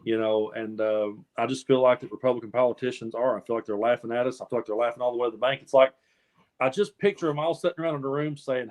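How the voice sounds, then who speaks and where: A man's voice: medium pitch, fairly even intonation, fast, a little mellow. A man from the American South co-hosts a casual news chat. He rambles earnestly and often restarts and repeats his words mid-thought. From Appalachian South, US. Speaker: co-host.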